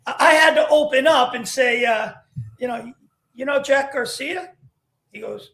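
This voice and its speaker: A man hosting a podcast and telling animated stories about his undercover work. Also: extremely high pitch, moderate pace, gravelly. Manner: animated storyteller. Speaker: podcast host, former undercover agent. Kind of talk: podcast conversation. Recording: echoey room.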